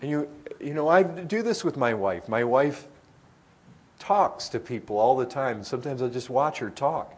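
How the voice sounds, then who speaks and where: A middle-aged man preaching a sermon in an earnest way, his voice swelling loud and then dropping to a hush. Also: medium pitch, lively intonation, normal speed.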